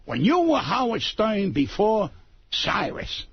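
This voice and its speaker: A blunt, profane man in his seventies argues in brash, combative radio banter. His voice sits high and swings widely in pitch, with a husky edge. The studio audio sounds dull and lo-fi. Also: wildly swooping pitch, takes it slowly, no room sound. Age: 70s. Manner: brash, blunt and profane, heavy New York street grammar. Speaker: comedian guest.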